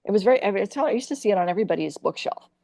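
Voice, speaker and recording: A woman's voice: mid-range voice, very fast, vocal fry, dry recording, studio quality. A woman from Iowa, a comic actress, telling candid stories in a podcast interview and acting out the people in them. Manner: animated, acts out quoted voices.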